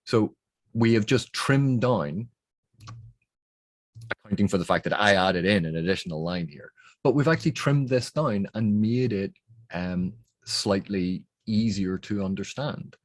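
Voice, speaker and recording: A man's voice: lowish voice, unhurried, no echo. A man explaining editing techniques on a novel's text, thinking aloud in a methodical way. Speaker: book reviewer.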